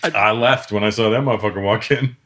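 A man's voice: a little fast, noisy background. A comedian telling stories in casual chat, acting out quotes with big jumps in his voice. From Canada. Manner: animated, acts out quotes with big pitch jumps.

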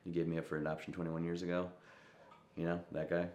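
A young man with a very low, deep voice recalls a personal story in an interview. He talks reflectively and drops into soft quoted asides, and the room around him rings with echo. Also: completely flat delivery, fast talker, background noise. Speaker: musician interviewed.

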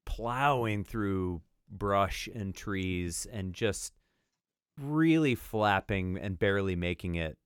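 A man's voice: low-pitched, lively intonation, takes it slowly, clean tone, no echo, studio quality. A man in casual chat, telling an anecdote with vivid, amused detail. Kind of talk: casual storytelling.

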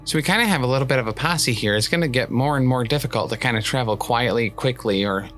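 A man's voice: medium pitch, quick pace, fairly bright tone, faint music behind. A man with a mid-range voice chats casually at the gaming table. He asks careful, questioning things and worries through plans aloud. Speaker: player. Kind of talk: casual tabletop game chat.

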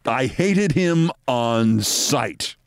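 A man's voice: medium pitch, lively intonation, extremely slow, smooth, dry recording, studio quality. An American man in his sixties, a host telling a long story in a wry, theatrical manner. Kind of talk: storytelling monologue.

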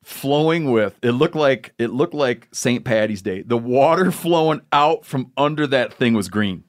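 A man hosts a casual podcast and tells a long, rambling story with a joking edge. His voice sits at an ordinary middle pitch. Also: animated, measured pace. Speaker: podcast host.

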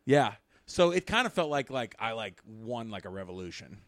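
Animated joking man, lively pitch. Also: moderate pace, no room sound. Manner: animated, jokey storyteller. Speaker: podcast co-host. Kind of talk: casual chat.

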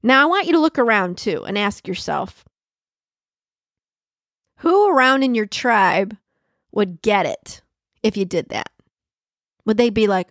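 A woman of middling pitch hosts a reflective solo podcast, speaking close to the mic in a dry, dead room. She talks conversationally, repeats key phrases for emphasis and laughs often. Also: lively intonation, a little slow, pauses often, a bit bright, no room sound. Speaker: podcast host.

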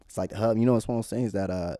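An American man telling travel stories in a relaxed, slangy casual chat. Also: fairly low pitch, rapid-fire, no room sound, clean studio sound. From United States.

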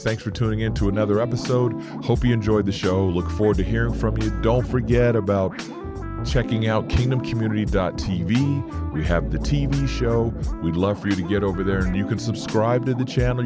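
A middle-aged man, a podcast host and minister, praying earnestly and then signing off his show with heartfelt repetition. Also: fairly low pitch. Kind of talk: spoken prayer and podcast sign-off. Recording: loud guitar music behind. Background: loud guitar music.

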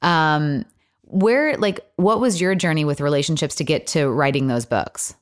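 A woman's voice: sits low, normal speed. A woman hosting a podcast, chatty and laughing easily in a casual interview, rambling a bit. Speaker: podcast host.

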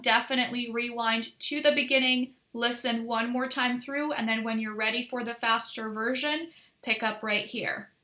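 A woman with a Polish accent hosting a language podcast, carefully enunciating each word in a slow drill, then chatting playfully with listeners. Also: a little high, bright, forceful tone. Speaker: language teacher and podcast host. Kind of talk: slow pronunciation drill and upbeat lesson talk.

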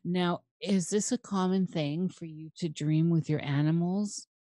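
A woman's voice: on the low side, unhurried, dark tone, no echo. A woman hosting a casual conversation, thoughtful and earnest, swearing casually.

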